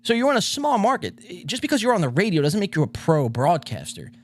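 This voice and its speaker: A man hosting a podcast, pausing a clip to give sarcastic casual commentary. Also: high voice, wildly swooping pitch. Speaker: podcast host.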